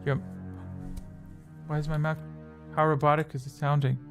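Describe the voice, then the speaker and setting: Man, streamer quiz host, a little high-pitched, rambling and self-correcting, faint music behind. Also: flat delivery, moderate pace. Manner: rambling, self-correcting, reads chat answers aloud. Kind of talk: casual livestream quiz chat. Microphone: desk microphone.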